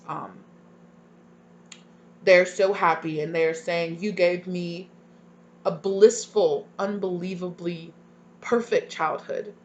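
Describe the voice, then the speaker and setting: A woman's voice: on the low side, dull audio, slight background noise. A young woman giving a live tarot reading, emotional and gushing, with lots of fillers and a repeated "right?". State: tearful at times. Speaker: tarot reader.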